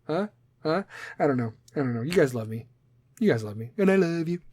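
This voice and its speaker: Brash podcast host, slightly high voice, cursing freely, dry close sound. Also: male voice, expressive, fairly quick, darkish tone, no echo. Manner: brash and profane, joking. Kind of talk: casual podcast monologue.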